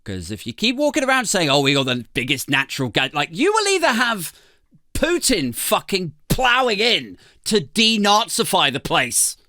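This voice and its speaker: A man's voice: bright, forceful tone, no echo, clean studio sound. A British man on a comedy podcast, ranting sarcastically, swearing and laughing as he talks. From Britain. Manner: sarcastic, swearing, laughing often, swooping pitch. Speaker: podcast co-host.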